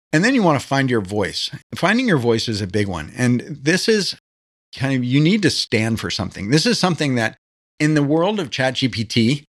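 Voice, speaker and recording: A man with a mid-range voice talks straight into the mic, hosting his own branding podcast. He keeps it conversational and animated, throwing rhetorical questions at his listeners. He is recording on his own, in a home studio. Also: medium pitch. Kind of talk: solo podcast monologue.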